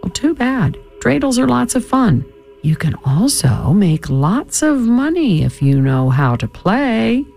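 A man's voice: sits high, big pitch swings, a little slow, gravelly, soft background music, voice pushed up, heavily acted. A man reading a storybook aloud and voicing a clever, cheerful hero who coaxes and teases a goblin in a playful manner. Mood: coaxing. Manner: bright, coaxing and playful.

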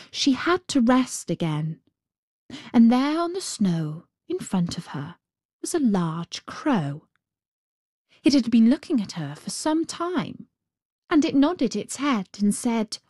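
A woman reading a fairy tale aloud in a gentle, unhurried and expressive way. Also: medium pitch, no echo, clean studio sound. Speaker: storyteller.

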